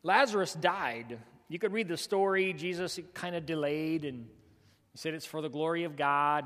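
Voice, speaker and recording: A man's voice: fairly high pitch, a bit bright, long reverb tail. A male pastor, preaching a folksy, emphatic sermon with lots of repetition.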